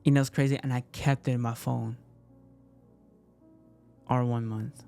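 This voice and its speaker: Gravelly-voiced young man telling a story. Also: medium pitch, flat delivery, unhurried, soft background music. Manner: rambling, repeats "I was like", soft and emotional. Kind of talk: casual confessional storytelling.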